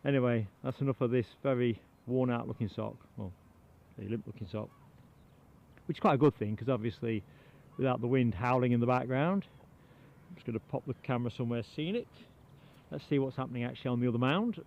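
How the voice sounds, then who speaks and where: A man's voice: medium pitch, brisk, vocal fry, highs cut off. A man hosting a live plane spotting stream from a mound beside an airport, chatting casually, reading out viewer comments and thanking people by name. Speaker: livestream host. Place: outdoors on a grassy mound beside an airport runway.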